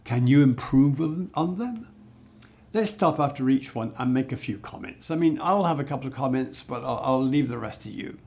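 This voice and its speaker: A man's voice: medium pitch, animated, moderate pace, darkish tone. A man teaching a spoken English exam lesson, explaining in a chatty way with many restarts and fillers. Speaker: English speaking-test teacher.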